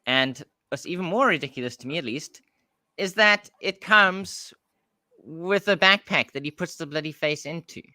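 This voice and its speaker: A South African man with a bright, forward voice talks loosely on a podcast. He circles his points with restarts and chuckles. The sound is dry and close. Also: a little high, normal speed, dry recording. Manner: rambling, with frequent restarts and laughs. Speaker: podcast co-host. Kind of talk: casual podcast chat.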